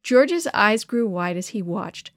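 A woman reading a children's story aloud in an expressive, measured way. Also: medium pitch, no echo, clean studio sound.

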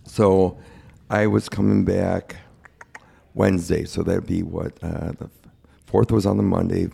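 A man's voice: low-pitched, little pitch movement, a little slow, creaky, warm tone, slightly rough. A young man speaking candidly and plainly in a casual interview, recounting his own experience. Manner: candid, plain-spoken, quotes others in his retelling. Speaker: guest sharing his cancer story.

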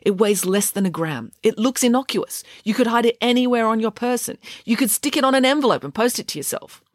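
A woman voicing a sharp, clever schoolgirl detective who explains things confidently. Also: on the high side, lively intonation, a little fast, no room sound, clean studio sound, pitched above the performer's own voice, close to an everyday voice. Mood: explaining.

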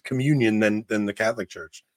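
Podcast host dude, chatty and quick to jump in, dry close sound. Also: male voice, fairly low pitch, dry recording. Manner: chatty, quick to laugh and chime in. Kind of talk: casual conversation.

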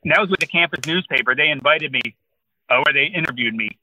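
Speaking fast and on the high side with a sharp tone, this interview guest is a man in his sixties from New Jersey. He rambles through a lengthy anecdote in a casual storytelling chat. The recording is rough, with slight background noise.

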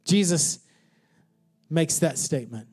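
A man preaching a sermon in church, joking with the congregation and swinging from hushed whispers to shouts. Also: fairly high pitch, animated, takes it slowly, faint music behind. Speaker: pastor.

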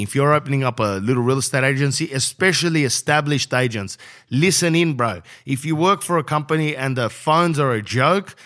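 Rambling Australian podcast host. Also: male voice, medium pitch, a bit bright. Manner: rambling, brash and jokey, says bro a lot. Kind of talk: comedic podcast monologue and host-read ad.

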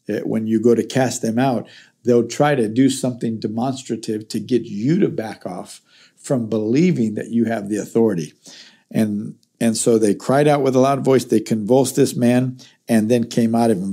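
A man's voice: medium pitch, mellow. A middle-aged man teaching the Bible verse by verse, reading a passage and then explaining it in plain, conversational words.

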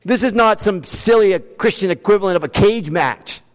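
A man with a high voice preaches a sermon in a church sanctuary, and his voice trails off in a long hall reverb. He talks in a conversational way, reads scripture aloud, and moves between quick bursts and slow, stressed lines. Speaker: pastor.

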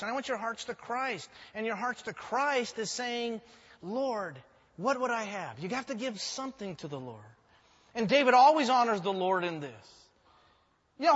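A man preaches from the pulpit with a high, bright voice, telling stories animatedly and dropping in joking asides. The sound rings through a large echoing hall and comes across muffled and dull. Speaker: pastor. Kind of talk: sermon.

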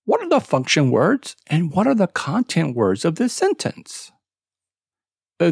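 An English pronunciation teacher hosts a podcast lesson, explaining slowly and deliberately with emphatic word stress and spelling web addresses letter by letter. The voice is mid-range, gravelly and husky, with huge pitch swings, recorded at studio quality with no room sound.

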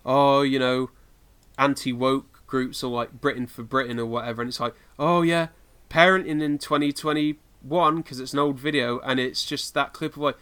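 A man's voice: medium pitch, fairly even intonation, moderate pace, fairly bright tone, clear, resonant tone. A man from the United Kingdom co-hosting a podcast in casual chat, rambling with lots of fillers and laughing often. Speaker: podcast co-host.

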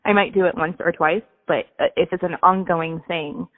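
A woman's voice: lowish voice, steady tone, moderate pace. A woman podcast host responding reflectively and affirming her guest in conversation. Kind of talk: conversational interview. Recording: tinny phone line with long reverb.

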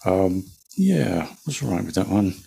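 A man co-hosting a casual chat, hesitant with many pauses and restarts. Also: deep voice, sing-song, gravelly, warm tone, breathy edge. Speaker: podcast co-host.

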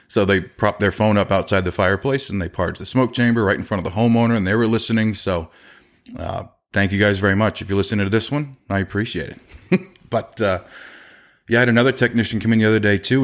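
A middle-aged man with a low, deep voice tells workplace stories in a relaxed podcast chat. He slips into quoted dialogue and laughs easily between points. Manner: conversational, laughs often, acts out quoted dialogue. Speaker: podcast host and business owner. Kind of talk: casual storytelling.

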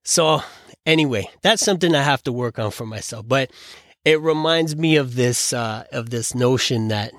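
A man's voice: medium pitch, moderate pace, fairly bright tone, dry recording, studio quality. A man hosting a podcast, ranting casually in an opinionated, exasperated way, rambling with lots of restarts and fillers. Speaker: podcast host.

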